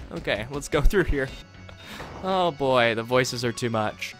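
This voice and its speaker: A man's voice: mid-range voice, expressive, unhurried, fairly bright tone, soft background music. A man rambling and joking while commentating a video game playthrough. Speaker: let's play host. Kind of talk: gameplay commentary.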